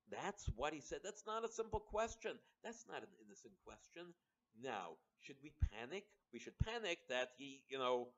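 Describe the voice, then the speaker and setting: A man's voice: mid-range voice, fairly bright tone. A man giving a meandering political monologue, restarting sentences and acting out quoted voices. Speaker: commentator. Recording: dull lo-fi recording.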